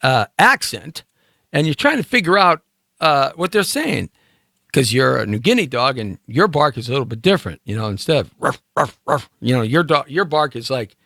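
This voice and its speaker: A man's voice: medium pitch, very animated, moderate pace, creaky, sharp tone, no room sound, clean studio sound. A man hosting a live talk show in a casual, rambling, playful monologue, speaking directly to his listeners.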